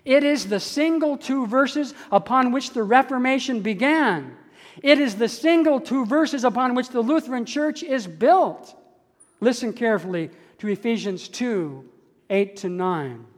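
Slow older pastor preaching in a reverberant church. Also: male voice, very high voice, expressive. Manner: measured preaching with slow emphatic stresses. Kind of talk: sermon. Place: church sanctuary. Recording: church hall with long reverb.

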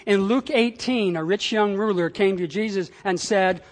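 A pastor preaching a sermon with slow, emphatic phrasing and big swings in pitch and loudness, speaking in a church. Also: big-room sound.

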